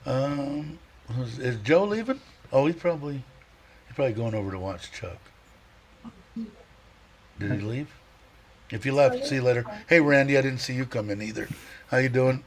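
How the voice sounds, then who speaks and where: A man's voice: medium pitch, animated, normal speed, pauses often, slight background noise. A middle-aged man hosting a casual livestream, rambling and chatty, laughing often and stopping to restart his sentences. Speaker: livestream host.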